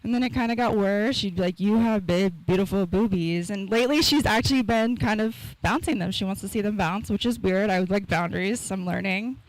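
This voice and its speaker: A woman doing a stand-up set in a small live comedy room, rambling and deadpan, with self-mocking asides into a stage mic. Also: mid-range voice, fairly quick, few pauses, no room sound, rough recording.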